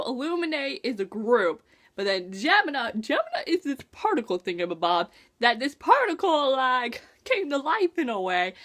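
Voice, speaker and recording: A young woman excitedly reviewing a book in a casual vlog, gushing and acting out her own reactions. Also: high-pitched. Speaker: book vlogger.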